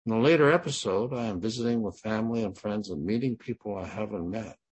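A man in his sixties reading his first-person memoir in a plain, measured way. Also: lowish voice, husky. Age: 60s. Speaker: memoir narrator.

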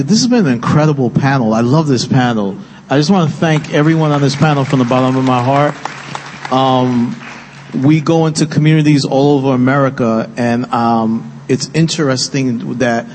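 A man's voice: medium pitch, moderate pace, darkish tone. A man speaking passionately and earnestly on a film panel, getting emotional as he talks. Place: event hall with live audience. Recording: long-reverb hall with faint noise.

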